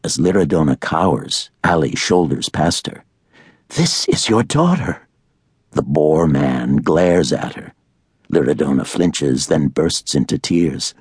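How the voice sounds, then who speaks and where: A man narrating a thriller audiobook in a measured, dramatic way. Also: rumbling low, a little mellow, husky, dry recording, studio quality.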